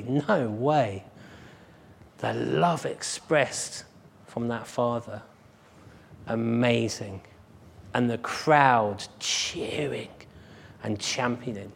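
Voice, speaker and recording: A man's voice: mid-range voice, very slow, vocal fry, long pauses, husky. A man preaching a sermon as pastor at a church service, earnest and emphatic, driving his points home with repeated phrases.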